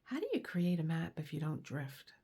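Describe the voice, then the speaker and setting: A woman's voice: low voice, very animated, normal speed, mellow, slight background noise. A woman vlogger in casual chat, rambling and laughing as she reads aloud and tells stories. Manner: rambling, chatty, laughs often. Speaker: crafting vlogger.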